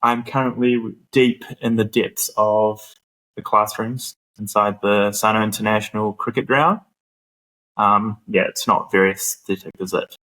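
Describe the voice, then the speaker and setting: A man with a New Zealand accent hosting a casual podcast from a classroom, chatty and self-deprecating, on a low-quality mic. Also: steady tone, a little slow, sharp tone. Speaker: podcast host. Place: classroom at a cricket ground.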